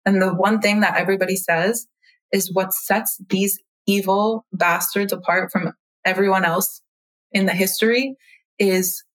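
A woman's voice: medium pitch, steady tone, unhurried, rough recording. Indignant woman podcast co-host. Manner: passionate, indignant. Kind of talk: casual podcast chat.

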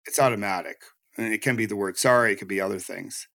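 A man's voice: on the low side, fairly even intonation, fast, vocal fry, sharp tone, no echo. A man hosting a podcast interview, reflective and earnest, talking in long flowing thoughts. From United States. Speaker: podcast host. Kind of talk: conversational interview.

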